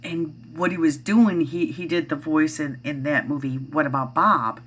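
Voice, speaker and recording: Speaking at normal speed from home, a middle-aged woman gives a casual to-camera chat as a parent vlogger. Her low-pitched voice has a fairly bright tone and fairly even intonation, slight background noise is present, and she rambles with frequent fillers and restarts.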